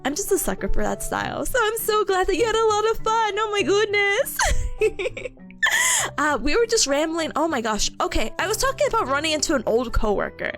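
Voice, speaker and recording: A young woman chats on a livestream in a bubbly, giggly, rambling way. Her voice sits very high and swoops all over the place as she greets her viewers. Faint music plays underneath. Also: very animated, normal speed, fairly bright tone. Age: young adult. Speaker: streamer. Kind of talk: casual livestream chat.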